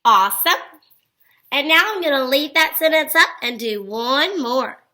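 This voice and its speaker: A woman teacher giving a recorded phonics lesson to young children, speaking slowly and clearly and praising them often. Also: high voice, animated, sharp tone, poor audio.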